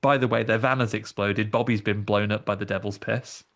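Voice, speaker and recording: A man's voice: lowish voice, fairly even intonation, brisk. A man co-hosting a casual film review podcast, joking and acting out lines from the film. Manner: jokey, acts out film lines in funny voices. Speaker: podcast co-host.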